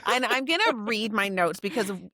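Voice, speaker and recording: A woman's voice: mid-range voice, animated, brisk, sharp tone. A woman co-hosting a book podcast, reading out her notes and acting out the characters' lines in a casual chat. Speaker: podcast co-host.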